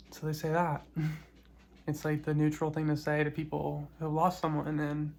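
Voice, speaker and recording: A woman talking in a personal vlog, soft and reflective, grieving, with small laughs between her words. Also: low voice, completely flat delivery, moderate pace, creaky. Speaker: vlogger.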